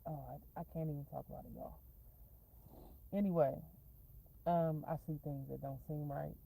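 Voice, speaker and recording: A woman's voice: deep voice, steady tone, normal speed, creaky, warm tone, husky, rough recording. Profane rambling woman vlogging. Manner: rambling, profane, tangent-prone, laughs often. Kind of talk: casual rambling storytime vlog. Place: in a parked car.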